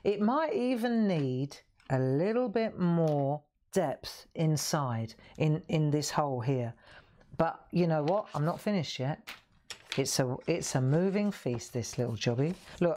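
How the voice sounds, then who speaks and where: Warm and deep-voiced, this woman hosts a live coloring demo at a normal speed, animated as she works. She's chatty, laughs a lot and keeps asking her viewers questions.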